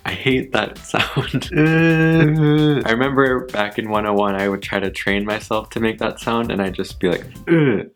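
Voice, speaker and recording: A young man chatting casually on his channel, laughing often at himself and repeating words slowly to practice saying them. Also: fairly low pitch, steady tone, a bit bright, faint music behind. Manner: giggly, self-deprecating, repeats words slowly. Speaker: YouTuber. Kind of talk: casual vlog, word list.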